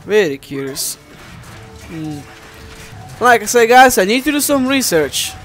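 A man giving let's play commentary, animated and easily exasperated, often addressing viewers as guys. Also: sits high, measured pace, faint music behind. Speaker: gameplay commentator.

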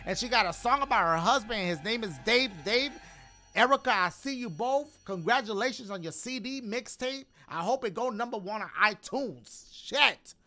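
A man with a high, bright, sharp voice chats loosely on a game livestream. He reads donations aloud, slips into slang and throws in playful jokes, with faint music playing behind him. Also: lively intonation, moderate pace. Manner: loose slangy banter with joking asides. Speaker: gaming streamer. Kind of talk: casual livestream chat reading donations.

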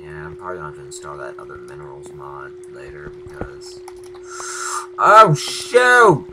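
A young man giving Let's Play commentary, shifting between quiet muttering and yelling at the game. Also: extremely low pitch, fast, a little hiss or hum. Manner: excitable, yells at the game, then mutters quietly. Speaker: gaming channel host.

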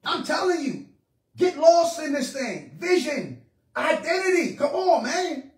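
A man preaching a charismatic sermon with fervor, moving from shouts to hushed prayer. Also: extremely high pitch, big pitch swings, a little slow. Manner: fervent, swings between shouting and hushed prayer. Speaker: pastor. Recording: echoey room, mic at a distance.

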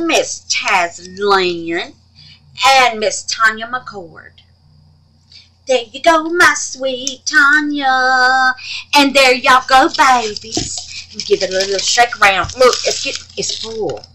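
Speaking slowly with a sharp tone and medium pitch, a woman makes casual conversation with her audience about her resin crafts, using pet names like babies and honey. Background noise from the home setting is noticeable.

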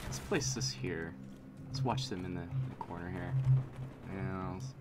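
A man's voice: deep voice, measured pace. A young man giving live gameplay commentary, playful and goofy, chatting to himself and teasing his opponents. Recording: noisy game audio behind. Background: game gunfire and explosions.

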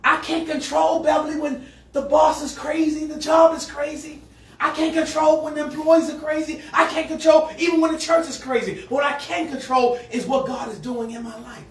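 A male pastor preaching a sermon to a congregation, moving between quiet asides and shouted call-and-response lines. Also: very high-pitched, steady tone, normal speed. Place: church sanctuary with a congregation. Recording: echoey hall, mic far off. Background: congregation answering.

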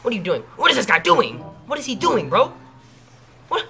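A teenage boy with a high, bright voice and a gravelly edge. He rattles off trash talk quickly and bursts into rage-filled yelling while he plays a video game. Faint game music runs underneath. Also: wildly swooping pitch. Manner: trash-talking, raging and yelling. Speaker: gamer being pranked. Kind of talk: livestream gaming commentary.

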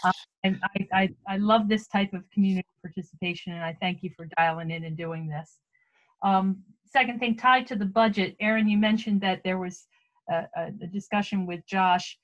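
A woman's voice: mid-range voice, steady tone, moderate pace. Chatty woman on a muffled call. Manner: chatty, repeats words. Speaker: school committee member. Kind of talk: virtual meeting questions. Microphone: video call. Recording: lo-fi video call audio.

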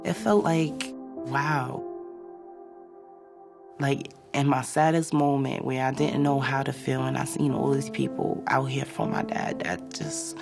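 A young woman giving a halting, reflective personal testimony for a documentary, often pausing on "like" and "you know.". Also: very deep voice, creaky, over loud music. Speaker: interviewee.

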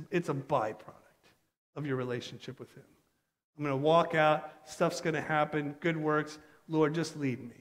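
A man preaching a sermon as pastor, animated and acting out quick bits of dialogue. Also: fairly high pitch. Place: church sanctuary. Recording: long church hall reverb.

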